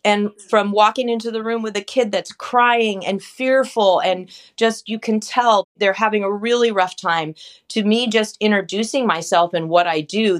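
Upbeat woman, child life specialist. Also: mid-range voice. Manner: upbeat, explains with warm examples. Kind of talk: interview answers.

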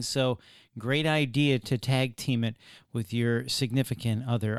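A male interview host with a clear, resonant voice of middle pitch. He asks questions and recaps the answers in an upbeat, affirming way. The recording is close and dry. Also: no room sound.

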